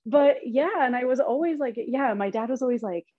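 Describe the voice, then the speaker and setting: A fairly high-voiced woman tells stories in an easy, chatty way. She is animated, swears without a second thought, and laughs along with her own tales. The recording sounds a little dull. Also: fairly quick, no room sound. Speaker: podcast guest. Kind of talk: casual storytelling.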